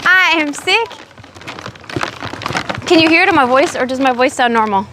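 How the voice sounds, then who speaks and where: A young woman from Oregon chatting with her live chat while out in a windy park. She says she is sick and low on energy, but she keeps talking with a sassy edge. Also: animated, rapid-fire. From Oregon, USA. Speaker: livestreamer. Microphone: phone on a selfie stick.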